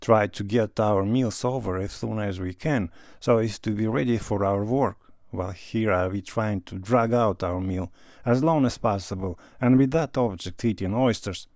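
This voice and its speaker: A man voicing an earnest, awkward country gentleman who speaks bluntly. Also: lowish voice, moderate pace, no room sound, studio quality, close to an everyday voice.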